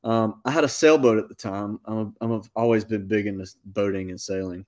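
A man, a musician guest telling a long story in a casual, animated interview. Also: fairly low pitch, fairly quick. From North Carolina. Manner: animated anecdote-telling, with quoted asides.

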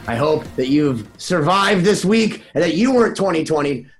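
A man's voice: on the high side, animated, moderate pace, faint music behind. A man hosting a podcast in casual chat, jokey and theatrical, hamming up his introductions. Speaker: podcast host.

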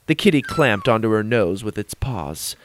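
A man narrating a children's story in an expressive, animated reading style. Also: fairly low pitch, normal speed, background noise.

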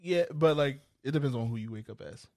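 A man co-hosting a casual comedy podcast, joking and putting on quick voices for game characters. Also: mid-range voice, no room sound, studio quality. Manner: animated, jokey, slips into put-on voices of game figures. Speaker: podcast co-host.

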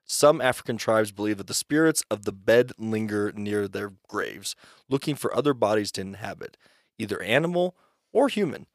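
A man co-hosting a podcast, teasing and excitable in casual chat. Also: on the low side, normal speed, no room sound, studio quality. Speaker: podcast co-host.

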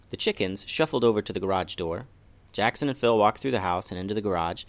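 A man's voice: fairly low pitch, fast. A man reading a children's bedtime story aloud as the host of a kids' story podcast. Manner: gentle, expressive, storytelling.

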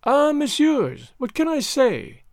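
Brief: a male reader as older French countess, French accent, raised lilting pitch, gracious. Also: very animated, slow pace, dry recording, studio quality, full character voice. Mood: grateful.

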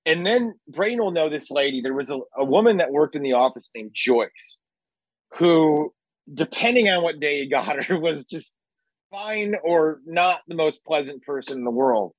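A man in casual chat, telling a radio story with lively acted-out quotes and casual swearing. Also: on the high side, moderate pace, no room sound, muffled recording.

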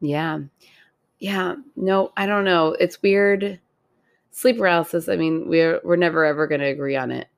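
A woman co-hosting a podcast in casual chat, playful and teasing, quick to laugh and gasp at the story. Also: fairly low pitch, fairly even intonation, creaky. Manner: playful, reacts with laughs and gasps, teases her co-host. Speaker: podcast co-host.

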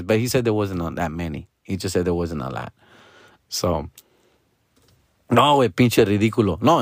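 A man's voice: medium pitch, no echo, clean studio sound. A young man rants in a profane, exasperated stand-up style. He is full of slang and constant swearing. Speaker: comedian. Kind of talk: profane Spanglish stand-up rant.

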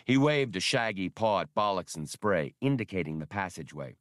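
A man narrating an audiobook with an expressive, lively reading. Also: low-pitched, brisk, dry recording, clean studio sound.

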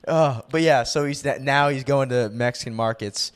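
A man's voice: medium pitch, normal speed, hardly any pauses, clean tone. A young man co-hosting a podcast, telling a story in casual chat, laughing often and saying "dude" and "like" a lot. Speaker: podcast co-host.

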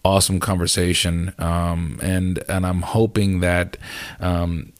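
A man hosts a podcast in a low, deep voice, reflecting on the conversation in a measured way. The sound is dry and close, with no room echo. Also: flat delivery. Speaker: podcast host. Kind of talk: conversational interview.

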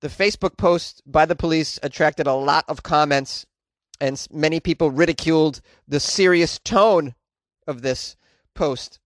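A man's voice: a little high, a little slow, no echo, clean studio sound. Wisecracking American man riffing on news. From United States. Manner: wisecracking, energetic, laughs often. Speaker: podcast host. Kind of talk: comic news commentary.

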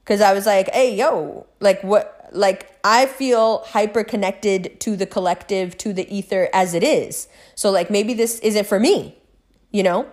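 A middle-aged woman telling a rambling personal story in a casual monologue, swearing freely and swinging between loud excitement and hushed recounting. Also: mid-range voice, unhurried. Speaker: vlogger.

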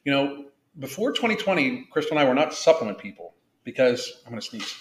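A man's voice: mid-range voice, very animated, fairly quick, roomy sound. A man hosting a casual podcast, blunt and profane, rambling with frequent restarts. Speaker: podcast host.

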